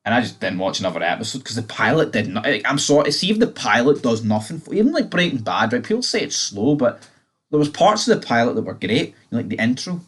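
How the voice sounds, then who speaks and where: A man's voice: mid-range voice, very animated, quick pace, fairly bright tone, slightly rough. A man giving a casual, rambling TV episode review, blunt and swearing freely.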